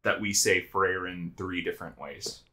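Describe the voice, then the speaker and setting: A man's voice: low voice, fairly even intonation, moderate pace, bright, forceful tone. An American man co-hosting a podcast, rambling casually with many fillers and restarts. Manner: rambling, frequent "like" and restarts, swears. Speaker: podcast co-host. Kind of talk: casual chat.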